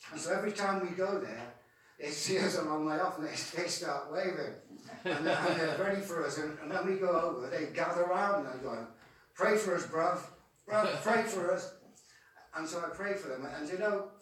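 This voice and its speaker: A man's voice: fairly high pitch, a bit bright. A man, a Christian street evangelist, tells a testimony story and often repeats words as he goes. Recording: echoey room from far off.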